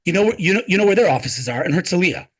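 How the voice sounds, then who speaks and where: Fast, emphatic, husky-voiced man. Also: high voice, animated, fairly bright tone. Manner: emphatic, rhetorical questions, repeats phrases. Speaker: guest, tech advocate. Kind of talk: passionate interview talk.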